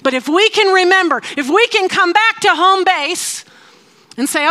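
A woman giving a sermon, talking in playful asides that mix with drawn-out, emphatic phrasing, and laughing often. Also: very high-pitched, animated, pushed and bright. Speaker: speaker teaching a faith message.

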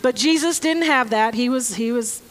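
A woman preaching a conversational sermon to a live congregation with children present. She reads scripture slowly and deliberately, then breaks in with joking, sarcastic asides. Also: on the high side. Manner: slow, deliberate scripture reading. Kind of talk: conversational sermon with Bible reading.

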